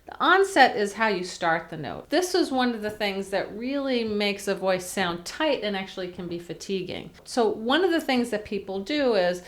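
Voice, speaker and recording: A woman voice teacher giving a chatty singing lesson, breaking into sung warm-up vowels to demonstrate. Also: medium pitch, expressive, moderate pace. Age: older. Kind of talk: vocal lesson to camera.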